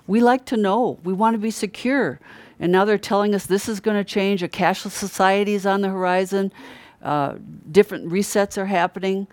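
A middle-aged preacher talks through a sermon in a relaxed, conversational way, leaning on certain words and repeating them for weight. The voice sits in a middle pitch and sounds earnest. It is recorded close and dry, with no room echo. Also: moderate pace, few pauses. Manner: earnest, emphatic repetition of key words. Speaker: Christian preacher.

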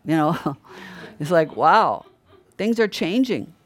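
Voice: mid-range voice, lively intonation, takes it slowly. A middle-aged preacher giving an earnest, conversational sermon and stressing key words by repeating them. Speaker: Christian preacher.

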